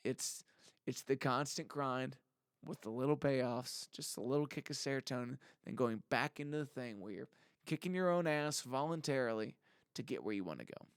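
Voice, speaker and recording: A man's voice: medium pitch, lively intonation, moderate pace, smooth, no room sound. Musician guy rambling to camera, sincere but joking around, dry close sound. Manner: rambling, heartfelt and jokey. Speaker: musician vlogger. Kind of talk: casual monologue to camera.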